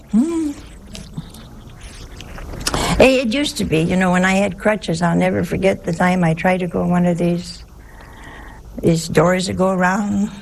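Gravelly-voiced woman preaching folksy. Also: mid-range voice, a little hiss or hum. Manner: chatty, storytelling, asks rhetorical questions. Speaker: nun giving a talk. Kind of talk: folksy sermon-style talk.

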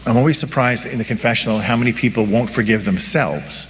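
A man's voice: medium pitch, quick pace, long reverb tail, slight background noise, poor audio. A man, a Catholic priest, giving a conversational sermon, telling a story and acting out imagined dialogues.

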